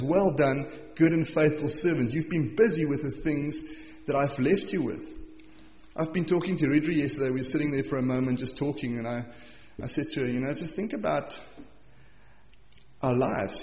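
A man preaching a morning sermon, reading scripture slowly and with emphasis, then explaining it in an earnest, conversational way. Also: a little high, a little mellow. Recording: echoey hall, dull sound.

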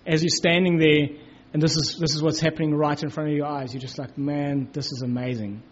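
A man's voice: a little high, fairly even intonation, quick pace. A man giving a conversational Bible teaching, filling his talk with "you know" and acting out the quotes. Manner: informal, many "you know, like" fillers, acts out quotes. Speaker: preacher. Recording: dull lo-fi recording.

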